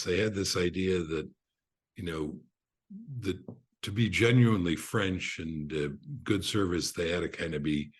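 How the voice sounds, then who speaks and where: An older man with a notably deep voice shares stories as a podcast guest. His tone is husky, and he talks unhurriedly, with frequent fillers and restarts. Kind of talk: relaxed anecdote telling.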